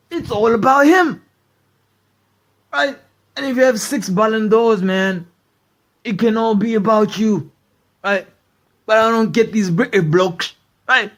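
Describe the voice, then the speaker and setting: High-voiced man ranting. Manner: animated, swearing, keeps asking "right?". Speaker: podcast host. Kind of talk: comedy rant.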